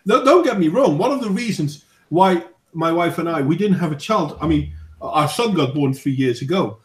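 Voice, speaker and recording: A man in his thirties hosting a casual debate, talking in an earnest, measured way with frequent restarts. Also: fairly high pitch, animated. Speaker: host of a voice chat discussion. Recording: echoey room.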